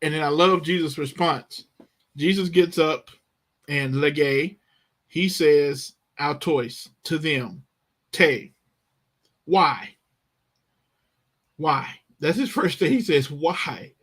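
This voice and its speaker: A man's voice: on the high side, a bit bright. A man teaching Bible Greek, reading verses and explaining the verb tenses with emphatic, dramatic delivery. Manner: slow, emphatic, acts out the disciples' panic.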